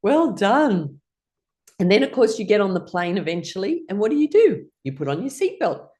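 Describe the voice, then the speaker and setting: A woman's voice: medium pitch, sing-song, moderate pace, dark tone. A middle-aged woman teaching a guided laughter exercise class, playful and laughing often as she leads rhythmic ha-ha chants.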